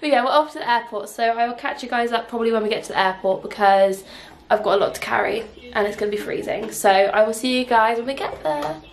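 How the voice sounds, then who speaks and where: A young woman in her twenties, chatty and excitable, vlogging her trip to a camera while laughing often. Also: a little high, fast talker, hardly any pauses. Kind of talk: casual travel vlog. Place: outdoors at a theme park. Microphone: handheld camera, then camera on tripod. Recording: noisy theme park crowd behind.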